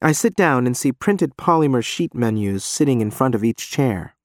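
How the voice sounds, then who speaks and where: Expressive male audiobook narrator. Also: medium pitch, moderate pace, no room sound, clean studio sound. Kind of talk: scripted narration.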